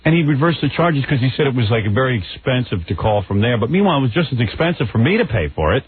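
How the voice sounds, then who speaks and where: A man's voice: mid-range voice, very animated, quick pace, breathy edge. A middle-aged man hosting a radio show, telling a story with sarcastic, ranting energy. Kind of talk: comic radio banter. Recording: tinny phone-like radio broadcast.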